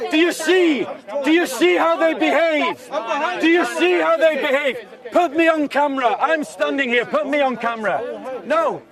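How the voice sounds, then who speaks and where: A man giving an open-air debate speech outdoors, shouting repeated accusing questions at the people around him. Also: very high-pitched, normal speed. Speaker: street speaker. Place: outdoor park speaking area. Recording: distant mic, crowd around.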